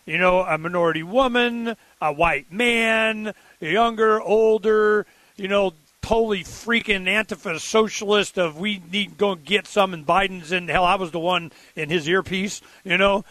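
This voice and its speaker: High, bright-voiced talk radio man. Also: steady tone, no room sound. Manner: rambling, halting, with many restarts. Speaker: radio show co-host. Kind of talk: casual political talk radio chat.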